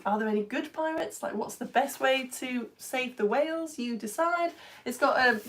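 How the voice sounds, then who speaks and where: A woman physics teacher giving an online science lesson, talking in a chatty, enthusiastic way. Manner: chatty and enthusiastic, lively swings in pitch.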